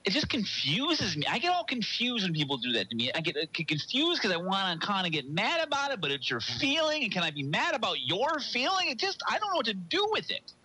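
Very bright, lively man co-host. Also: high voice, fairly quick, hardly any pauses, slight background noise, poor audio. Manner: expressive, explaining with examples. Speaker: podcast co-host. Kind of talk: casual chat.

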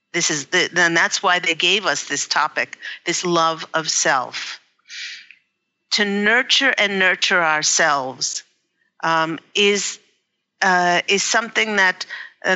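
A woman giving a live-streamed spiritual card reading, halting and emotional, with many fillers. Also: lowish voice, sharp tone, muffled recording. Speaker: psychic reader. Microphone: livestream device mic.

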